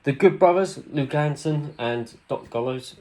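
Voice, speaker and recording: A man co-hosting a casual podcast, talking in an excitable, rambling way with plenty of fillers. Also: fairly high pitch, measured pace. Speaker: podcast co-host. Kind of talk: casual wrestling podcast chat.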